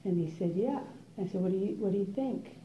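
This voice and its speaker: An older woman, a meditation teacher, giving an unhurried, musing dharma talk to a class, with soft laughs and pauses. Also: mid-range voice, slight background noise. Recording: roomy, dull lo-fi room recording.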